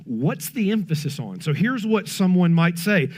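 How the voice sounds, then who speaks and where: A man with a high voice preaches earnestly to his congregation. He drops into quiet, hushed stretches between emphatic lines and talks to the listeners directly in casual asides. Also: lively intonation, normal speed, hardly any pauses. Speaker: pastor. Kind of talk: sermon.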